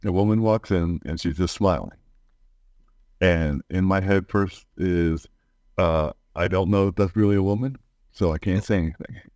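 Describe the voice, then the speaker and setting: A man's voice: low-pitched, normal speed, darkish tone, no echo. A man chatting casually as a podcast co-host, often stumbling and repeating his words. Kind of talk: casual chat.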